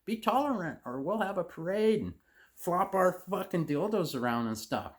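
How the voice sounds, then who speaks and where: A man putting on a shrill, sneering, exaggerated high voice to mock others. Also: very animated, normal speed.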